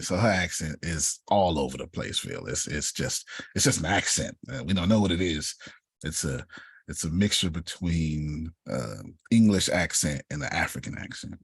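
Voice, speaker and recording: A man's voice: a bass voice, normal speed, creaky, slightly rough, dry recording, clean studio sound. A man giving a motivational talk to a group, telling stories and calling listeners by name. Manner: animated storytelling, calls listeners by name. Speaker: speaker coaching authors.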